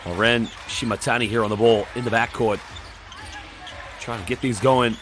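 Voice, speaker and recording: A man commentating a live basketball game in a brisk play-by-play manner. His voice sits in an everyday middle pitch. He calls each possession as it happens and reads viewer comments aloud in between. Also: steady tone, noisy background.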